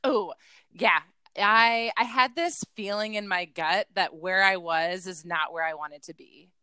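Bright, clear-voiced woman telling her story. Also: mid-range voice, a little slow, no room sound. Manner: earnest storytelling, acts out her past self in quotes. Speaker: podcast co-host, fitness coach. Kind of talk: casual podcast chat.

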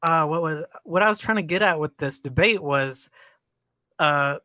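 Bright-voiced young man thinking aloud. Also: on the high side, normal speed, no echo, clean studio sound. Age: young adult. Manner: hesitant, restarts sentences, thinks aloud. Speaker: debater. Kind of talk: casual spoken argument.

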